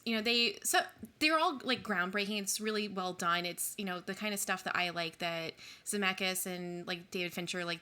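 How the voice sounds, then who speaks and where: A woman in her thirties co-hosting a podcast, chatting in a relaxed, reflective way with plenty of fillers. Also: medium pitch. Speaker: podcast co-host. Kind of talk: casual chat.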